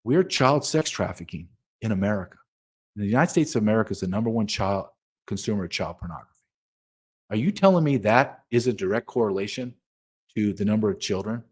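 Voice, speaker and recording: A man's voice: lowish voice, expressive, brisk, breathy edge. A middle-aged man speaking as an interview guest, a former border agent, talking in an urgent, emphatic and insistent way. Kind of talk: impassioned interview talk.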